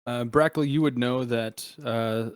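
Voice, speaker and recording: A man's voice: medium pitch, fairly even intonation, measured pace, no echo. A man running a tabletop game as game master, narrating with many hesitations and fillers.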